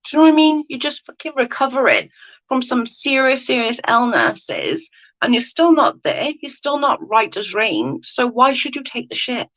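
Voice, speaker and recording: A woman's voice: fairly high pitch, big pitch swings, moderate pace, fairly bright tone, rough recording. Blunt, sweary woman ranting. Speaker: livestream host chatting with viewers. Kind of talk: casual chat.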